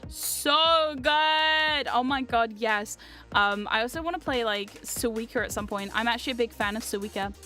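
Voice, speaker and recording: A woman's voice: a little high, brisk, bright, forceful tone. A young woman streamer chatting casually and animatedly, reading chat aloud and swearing freely. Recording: faint music behind.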